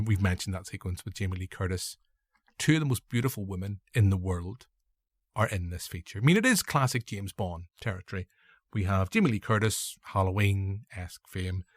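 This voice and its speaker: A Northern Irish man in his younger years chats through a film review, wandering between thoughts and correcting himself as he goes. His voice sits fairly low. It is recorded close and dry, with no room sound. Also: dry recording. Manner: rambling, self-correcting, joking asides. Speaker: podcast host. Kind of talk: casual film review chat.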